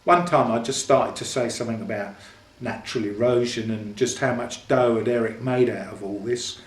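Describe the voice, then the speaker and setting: A man's voice: medium pitch, steady tone, moderate pace. Older man reading from his memoir. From London, England. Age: 60s. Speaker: author. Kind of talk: book reading. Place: reading event, indoors. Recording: echoey room.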